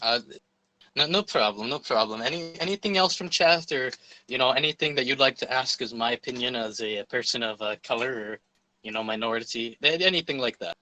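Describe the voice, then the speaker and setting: Bright-voiced man stumbling through chat. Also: medium pitch, brisk, poor audio. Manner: stumbling, filler-heavy. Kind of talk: casual chat.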